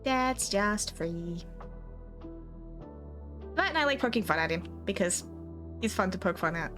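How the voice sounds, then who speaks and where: A woman's voice: medium pitch, very animated, fairly quick, over music. A woman with an Australian accent, slightly Americanized, chatting casually with her live chat as a streamer, rambling and giggling.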